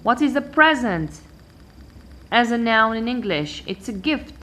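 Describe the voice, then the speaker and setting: A woman teaching an English lesson, explaining slowly and patiently and repeating key words. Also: fairly high pitch, fairly bright tone. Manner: patient and repetitive, switching between English, Arabic and French. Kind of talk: language lesson explaining word stress.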